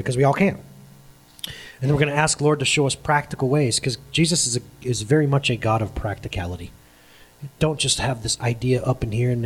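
A middle-aged man preaching a sermon as a pastor. He talks in an animated way, laughs often and acts out the voices of people he quotes. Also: medium pitch, husky.

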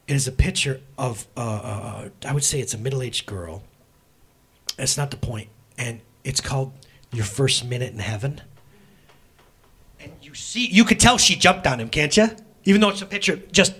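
A male preacher delivers an exuberant sermon, swinging from shouts to hushed prayer. His voice sits a touch high and carries a husky grain. He acts out God's encouraging voice with lively, leaping inflection. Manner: animated, exclamatory, acts out God's voice. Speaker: pastor. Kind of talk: energetic sermon.

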